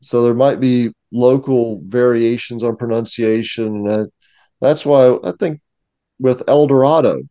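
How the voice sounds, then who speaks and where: A man's voice: mid-range voice, unhurried, clean tone, no echo, highs cut off. A man, a museum curator, talking casually and knowledgeably as a guest in a discussion. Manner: knowledgeable, explanatory, steady.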